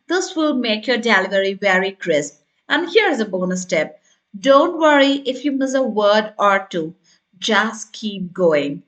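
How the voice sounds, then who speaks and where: Bright upbeat woman coaching test prep. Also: a little high. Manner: upbeat coaching, modelling example sentences slowly. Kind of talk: scripted tutorial.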